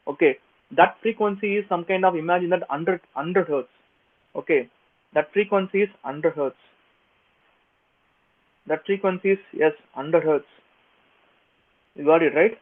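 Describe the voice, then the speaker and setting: Halting male lecturer. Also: a little high. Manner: halting, repetitive, checks in with "you got it, right?". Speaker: engineering exam lecturer. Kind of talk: online lecture. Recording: tinny, phone-like lo-fi audio.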